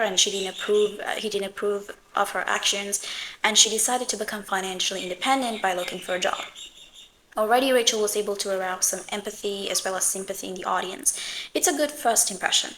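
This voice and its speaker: A woman hosting a video essay, giving scripted commentary in a measured, analytical way. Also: medium pitch, a bit bright, slight background noise, rough recording.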